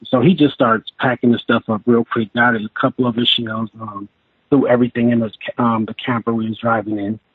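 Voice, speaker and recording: A man telling his own story in a casual interview, rambling and halting, with many restarts and fillers. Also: medium pitch, fairly even intonation, breathy edge, no room sound. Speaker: guest telling his encounter. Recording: tinny phone line.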